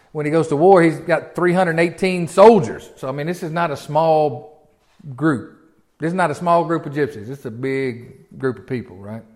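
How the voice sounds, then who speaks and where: A man preaching a verse-by-verse Bible sermon. His voice sits a bit high for a man. He keeps it folksy and chatty, checking in with the congregation through rhetorical questions. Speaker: pastor.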